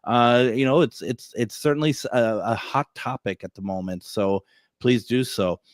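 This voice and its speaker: A man's voice: medium pitch, moderate pace, no echo, clean studio sound. Chatty man hosting a radio show. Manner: chatty, laughs often, restarts. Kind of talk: casual radio chat.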